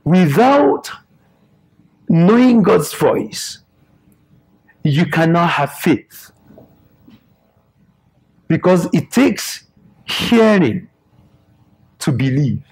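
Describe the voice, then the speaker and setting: A man's voice: a little high, very animated, very slow, long pauses, darkish tone, slightly rough, low-quality recording. A man preaching a sermon in short, emphatic, repeated phrases.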